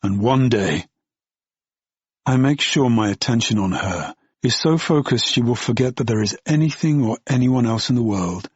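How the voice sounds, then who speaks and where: A man's voice: medium pitch, lively intonation, moderate pace, hardly any pauses, husky, no echo, highs cut off. A man narrating an audiobook in the first person, in a brooding, bitter tone.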